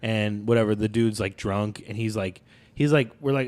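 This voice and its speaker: A man telling a story on a comedy podcast, lively and quick to laugh. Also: fairly low pitch. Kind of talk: casual comedic chat.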